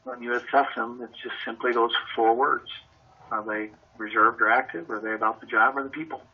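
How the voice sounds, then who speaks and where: A man's voice: medium pitch, fairly even intonation, a little fast, husky, dull audio. A man leading a sales training session over a conference call, talking energetically and conversationally and asking lots of rhetorical questions.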